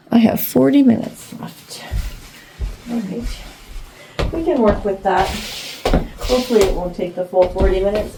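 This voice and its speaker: A woman's voice: on the high side, darkish tone. Canadian woman vlogger, casual rambling chat, filmed from across a roomy space. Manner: chatty, playful, rambling asides. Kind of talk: casual chat while trying on clothes. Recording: roomy, distant, faint room noise.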